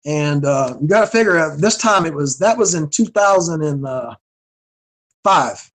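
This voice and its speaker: A man in his forties from North Carolina speaks with a fairly high-pitched voice. He tells his story in relaxed, casual chat as an interview guest, stammering and doubling back on words as he gets going. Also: measured pace, low-quality recording. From North Carolina, USA. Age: 40s. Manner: stammering, repeats words when excited. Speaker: guest, professional wrestler.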